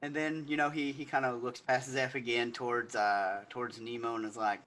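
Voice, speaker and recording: A man's voice: medium pitch, level tone, fairly quick, hardly any pauses, fairly bright tone, slight background noise. A man narrating as game master in a tabletop game, loose and rambling, with lots of fillers.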